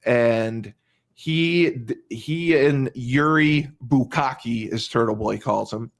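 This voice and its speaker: A man's voice: mid-range voice, takes it slowly. Emphatic man retelling a crime case. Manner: emphatic, repeats phrases, many restarts. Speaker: podcast host. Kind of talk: casual true-crime retelling.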